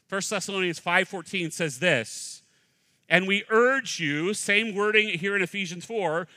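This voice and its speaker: Man, middle-aged, pastor preaching, animated, slightly high-pitched, dry close sound. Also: measured pace, no echo. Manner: animated, acts out voices, swings from loud to hushed. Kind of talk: sermon.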